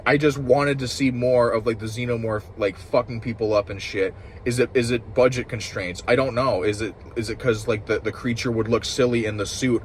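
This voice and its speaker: A man giving a rambling, frustrated review, swearing often and restarting his sentences while clearly upset. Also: medium pitch, a little hiss or hum. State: upset and agitated. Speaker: show reviewer. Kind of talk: ranting casual review.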